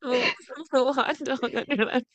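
A woman's voice: high-pitched, fairly even intonation, fairly quick, dry recording. A woman co-hosting a casual gossip podcast, mocking and profane, laughing often. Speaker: podcast co-host.

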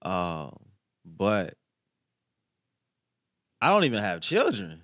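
A man giving slangy, reflective casual reaction commentary, often clearing his throat. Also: fairly low pitch, measured pace, pauses often, a bit bright, no room sound, clean studio sound.

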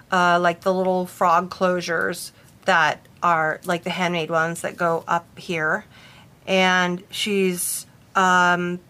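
A young woman who works with brides casually telling a story about a spirit, animated and full of "like" fillers. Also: medium pitch. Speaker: bridal stylist and medium.

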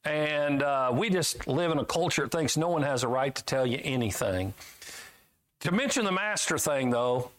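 Brief: middle-aged preacher, homespun and emphatic, voice sits a bit high, big swings up and down. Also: male voice, expressive, moderate pace. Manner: folksy, emphatic, swinging between loud highs and low asides. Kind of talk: sermon.

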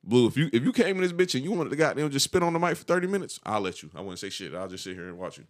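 Speaking rapid-fire in a medium pitch, this young podcast co-host delivers animated, slangy anecdotes on a laid-back show. He performs other people's lines as he quotes them.

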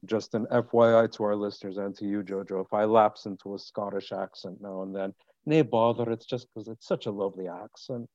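Male interview host, mellow and rambling, dull lo-fi recording. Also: on the low side, little pitch movement, a little fast, few pauses, no echo. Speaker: podcast host. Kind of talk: casual interview.

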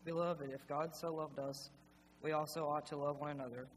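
Man, scripture reading, steady, measured, long hall reverb, faint hum. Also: on the high side. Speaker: scripture reader. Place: church sanctuary.

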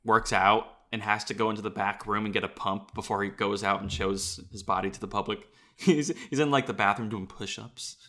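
Low-voiced young man, sharp and joking. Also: steady tone, fairly quick. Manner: profane, joking banter. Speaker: podcast co-host. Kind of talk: casual chat.

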